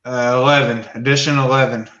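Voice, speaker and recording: A man's voice: mid-range voice, little pitch movement, a little fast, pushed and bright, echoey room, highs cut off. A man chatting as a guest on a beer live stream, easygoing and drawn out. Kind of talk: casual chat.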